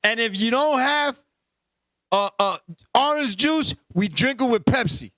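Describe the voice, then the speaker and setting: A man, hosting a casual show, loud and animated with lots of profanity. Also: very high voice, measured pace, no room sound. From Puerto Rico heritage, New York. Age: 50s. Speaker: podcast host. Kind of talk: casual banter.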